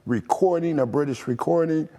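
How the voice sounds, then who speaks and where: An older American man spins stories from his playing days at an easy, relaxed pace. He chuckles often and fills his speech with "you know" and restarts. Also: fairly high pitch, normal speed. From Toledo, Ohio, USA. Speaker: former pro basketball player, guest. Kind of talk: casual interview storytelling.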